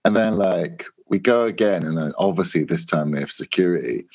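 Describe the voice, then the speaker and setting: An English man telling a long anecdote in a casual chat, animated, swearing and acting out what people said. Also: low voice, brisk. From England. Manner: animated anecdote, swearing, laughing, acts out quoted voices. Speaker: guest. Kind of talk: casual storytelling.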